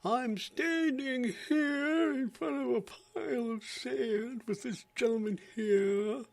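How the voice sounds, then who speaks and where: A man voicing a frantic, overexcited male TV field reporter, breathless and shrill. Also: slow pace, vocal fry, full character voice.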